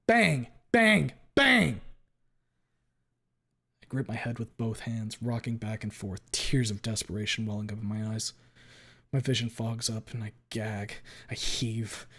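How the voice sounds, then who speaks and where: A man streaming a first-person story reading, dramatic and expressive, with sudden loud outbursts. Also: lowish voice, moderate pace.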